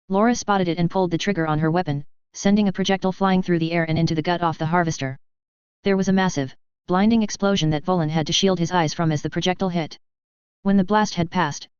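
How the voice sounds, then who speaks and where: Lowish woman voice reading a story, real smooth, kinda muffled dry recording. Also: a little mellow, no echo. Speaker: fanfiction reader. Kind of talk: scripted narration of a story.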